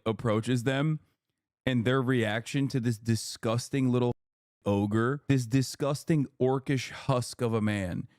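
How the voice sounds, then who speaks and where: A man streaming live, reacting to a video with animated, sarcastic and profane commentary. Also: mid-range voice, dry recording, studio quality.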